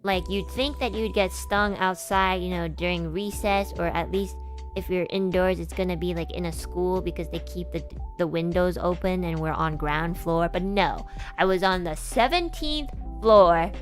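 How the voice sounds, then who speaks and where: A woman in a casual stream chat, telling a story from her childhood. She talks in a rambling, animated way, full of fillers and restarts, at a middle pitch. Soft music plays faintly behind her. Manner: chatty, animated, lots of "like" and restarts, voices kids and adults in quotes.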